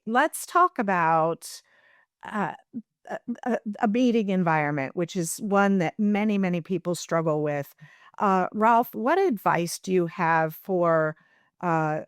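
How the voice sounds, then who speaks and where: Woman host, lowish voice, agreeing a lot and asking guests stuff, dry close mic. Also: dry recording. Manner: affirming, leads the discussion with some fillers. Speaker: podcast host. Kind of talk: conversational coaching talk.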